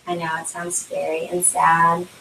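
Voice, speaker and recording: A woman's voice: lowish voice, completely flat delivery, measured pace, vocal fry, pushed and bright, slight background noise. A young woman giving a casual product talk at a home party, chatty and full of fillers. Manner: chatty, many fillers, laughs often. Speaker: consultant presenting at a launch party. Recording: roomy, distant camera audio.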